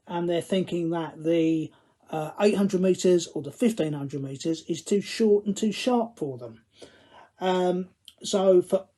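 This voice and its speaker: Mellow-voiced man coaching runners. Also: fairly high pitch. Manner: dry self-deprecating humour, reading from notes. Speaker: running coach. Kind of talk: instructional talk to camera.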